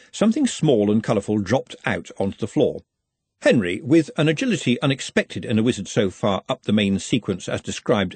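Husky-voiced man narrating an audiobook. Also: fairly low pitch, no echo.

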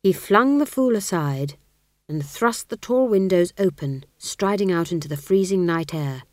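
A woman narrating a comic fantasy audiobook with expressive, measured storytelling. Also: fairly low pitch, dry recording, clean studio sound.

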